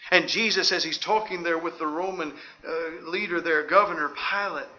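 A man's voice: on the high side, moderate pace, pushed and bright. A man preaching a sermon, reading scripture aloud emphatically and breaking in with rhetorical questions. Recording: dull lo-fi recording.

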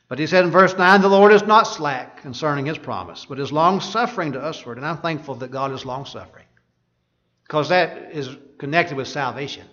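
In this sermon, a preacher with a slightly high, somewhat bright voice reads scripture aloud. He also asks rhetorical questions of his listeners, all in a dull lo-fi recording.

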